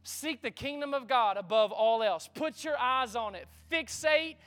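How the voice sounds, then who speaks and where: A man preaching a sermon in a lively, conversational way, calling out to the congregation. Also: extremely high pitch, measured pace. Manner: lively preaching with call-and-response asides. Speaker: pastor.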